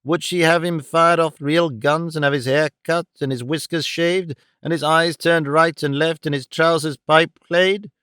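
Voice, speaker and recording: Foppish melodramatic dandy voiced by a male narrator, high-pitched, whining, dry close sound. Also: steady tone, unhurried, hardly any pauses, a bit bright, clean tone, no room sound. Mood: indignant. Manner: affected, theatrical pleading.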